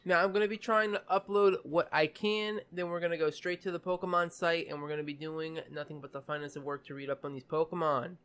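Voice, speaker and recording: A gaming YouTuber who just woke up gives an excitable, swearing reaction to a game trailer and stumbles over new names. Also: medium pitch, fast, few pauses, clear, resonant tone. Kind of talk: casual reaction commentary.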